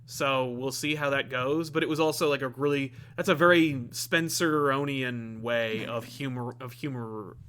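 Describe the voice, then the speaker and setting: A man's voice: medium pitch, moderate pace, hardly any pauses, fairly bright tone, smooth. A man co-hosting a comic review podcast, talking casually in a rambling way with lots of fillers and restarts. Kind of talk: casual chat.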